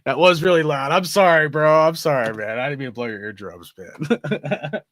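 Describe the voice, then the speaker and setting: Young male host, loose profane rambler; bright, dry close sound. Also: a little high, normal speed, dry recording. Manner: profane, rambling, laughs often, says bro and dude. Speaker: sports fan show host. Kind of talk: casual rant to viewers.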